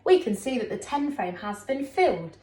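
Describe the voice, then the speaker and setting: Slow, sing-song woman teacher. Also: very animated, a little mellow. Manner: slow, sing-song, encouraging teacher talk with big pitch swings. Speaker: primary school teacher. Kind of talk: recorded classroom lesson for young children. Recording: echoey room.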